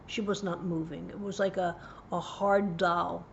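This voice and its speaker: A woman hosting a parenting tips show, earnestly retelling a personal story, dropping to a hushed voice at grave moments. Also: flat delivery, measured pace, creaky, highs cut off, slight background noise. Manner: earnest, vivid retelling with hushed low passages. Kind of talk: personal story told to camera.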